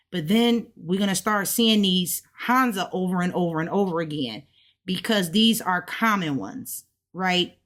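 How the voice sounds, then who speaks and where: A woman learning a language who casually walks through her study notes, chatty and relaxed, often checking in with "right?". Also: on the low side. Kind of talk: casual step-by-step explanation.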